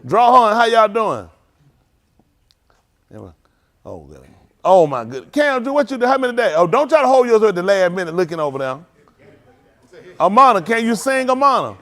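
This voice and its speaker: A playful pastor with a high, bouncing voice, ribbing his young congregants by name. He swoops way up when he jokes or mock-sings and drops low and quiet when he turns serious. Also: a little fast. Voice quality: high lively voice that leaps up in mock singing. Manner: playful teasing, calls out names, Southern Black vernacular phrasing. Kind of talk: informal sermon with youth check-ins. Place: congregation hall.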